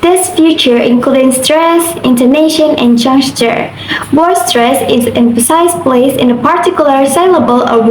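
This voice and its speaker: A young woman from Indonesia, a university student carefully reading a class assignment aloud, with occasional slips. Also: high-pitched. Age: young adult. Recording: roomy echo, faint background noise.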